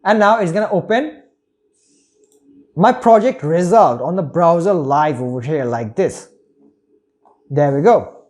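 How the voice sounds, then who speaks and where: A man guides viewers through a screen-recorded coding lesson, narrating each step as he goes. He keeps checking in with a quick "okay?" and points things out "over here". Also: fairly high pitch, lively intonation, darkish tone. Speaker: web development tutor.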